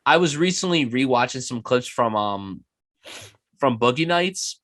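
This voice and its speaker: A man's voice: mid-range voice, expressive, a little slow, fairly bright tone, no room sound. A man hosting a casual film podcast, talking with enthusiasm and plenty of swearing. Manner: enthusiastic, profane, puts on mock voices. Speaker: podcast host.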